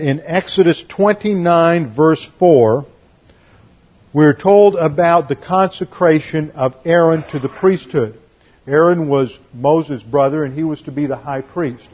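Husky man teaching a Bible passage. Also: a little high, a little slow, lo-fi sound. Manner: emphatic, explains Greek and Hebrew words. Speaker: preacher.

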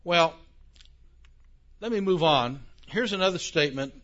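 Older male lecturer, slightly high voice, chatty and wry with the audience, muffled lo-fi recording. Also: lively intonation, measured pace, a bit bright. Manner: conversational, asks the audience questions, self-deprecating asides. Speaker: theology lecturer. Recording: dull lo-fi recording.

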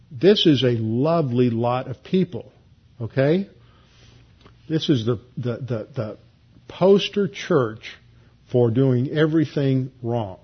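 A man giving an earnest expository Bible teaching, explaining word meanings with emphatic stresses and frequent restarts. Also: medium pitch. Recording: dull lo-fi recording.

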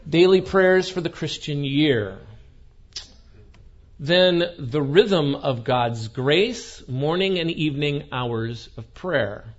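A man preaching a sermon as a wry, animated story, acting out the people he quotes, on a dull lo-fi recording. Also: fairly high pitch.

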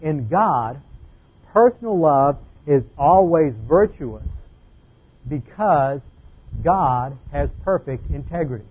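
A man's voice: fairly high pitch, lively intonation, slow, husky, phone-quality sound. A man preaching a methodical doctrinal Bible lesson, laying out numbered points and careful definitions.

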